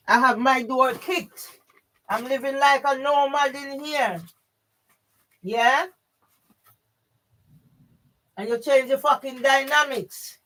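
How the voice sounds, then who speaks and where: Slow and sharp-toned, with a voice that sits high, this woman addresses her own camera in an emotional vlog. Sleepless and overwrought, she's agitated, cursing heavily and repeatedly adding a questioning "yeah?" to her personal monologue.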